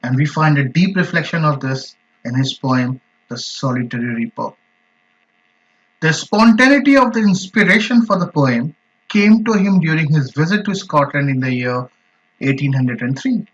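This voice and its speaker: Man teaching slowly and emphatically, lo-fi. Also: fairly high pitch, expressive. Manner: slow, emphatic explanations with repeated examples. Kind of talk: explaining a poem in an online class. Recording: dull lo-fi recording.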